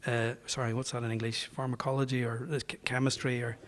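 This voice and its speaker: A Northern Irish pastor tells a funny story to an audience in a reverberant parish hall, chatty and anecdotal, acting out the voices of the people he quotes. His mid-range voice moves quickly with little pitch variation.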